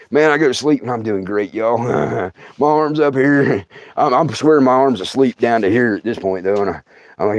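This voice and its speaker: A middle-aged comedian and podcast host tells a funny story to his livestream audience, animated and laughing through his own telling. His mid-range voice moves at a moderate pace, and the recording is dry.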